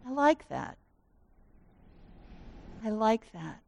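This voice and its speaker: A woman voicing a gentle, wondering elderly woman in a sermon story, speaking softly and hesitantly. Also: on the high side, sing-song, very slow, creaky, no room sound, exaggerated voice. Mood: content.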